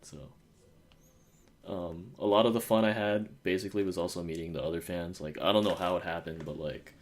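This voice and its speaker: A man's voice: sits low, fairly even intonation, a little fast. A young man from the United States telling stories in a casual podcast chat, rambling with lots of fillers and acting out quotes. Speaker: podcast host.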